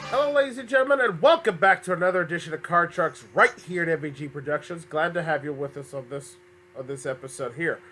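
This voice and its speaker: A man's voice: a little high, fast talker, music in the background. A man hosting a fan-made game show, upbeat but often stumbling and correcting himself, a little under the weather.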